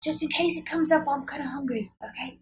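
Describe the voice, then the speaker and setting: A woman's voice: high voice, fairly even intonation, brisk, a little hiss or hum. A woman playing her character in a tabletop game, breezy and matter-of-fact. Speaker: player. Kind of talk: in-character tabletop role-play.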